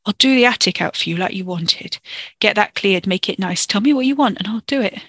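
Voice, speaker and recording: A man's voice: sits high, brisk, sharp tone, breathy edge, dry recording, heavily acted. The narrator voicing a grieving young man who pleads with a breaking voice, then turns to snarling. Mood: pleading.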